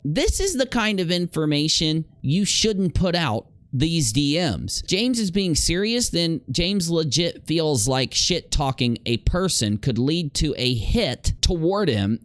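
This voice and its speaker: Sarcastic man doing drama commentary. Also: medium pitch. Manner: sarcastic, exasperated, laughs often. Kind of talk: casual commentary reading messages aloud.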